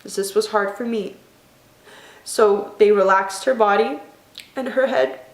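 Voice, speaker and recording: Young woman vlogging, teary and halting, mid pitch, kinda echoey room. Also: fairly even intonation. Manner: emotional, tearful, soft and halting. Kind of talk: personal vlog storytelling.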